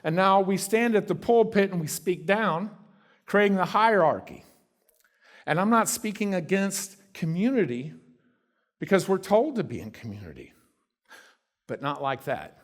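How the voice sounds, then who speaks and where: Man preaching, slightly high voice. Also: animated, unhurried, pauses often. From Kentucky. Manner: conversational preaching with sudden drops to a soft hush. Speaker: guest preacher. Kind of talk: sermon. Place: church sanctuary.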